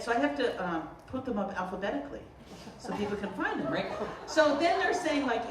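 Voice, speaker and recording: Woman, from Boston, artist talk, joking storyteller, lively pitch, roomy echo, distant mic. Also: brisk, hardly any pauses, background noise. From Boston area, US. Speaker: potter giving an artist talk. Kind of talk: humorous public artist talk. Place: lecture room at a festival.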